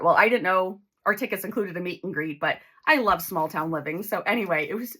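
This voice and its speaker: A woman in her forties talking casually while counting cash into envelopes, chatty and excitable. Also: on the low side, a little fast, few pauses, slightly rough. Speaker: budgeting vlogger.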